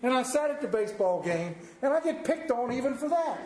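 A man's voice: extremely high pitch, sing-song, fairly quick, darkish tone, echoey room, poor audio. A middle-aged man preaching a sermon, telling folksy, self-deprecating stories to his congregation in a church. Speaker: pastor. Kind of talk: sermon with storytelling.

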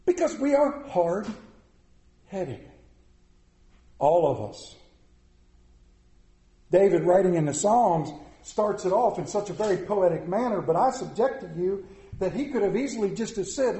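A middle-aged man preaches to a full room, slipping into the voices of his anecdotes. His voice sits high but mellow. The sound carries a roomy echo. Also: unhurried, pauses often. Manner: storytelling, animated, acts out voices in anecdotes. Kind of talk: sermon. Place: large room with audience. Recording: echoey room.

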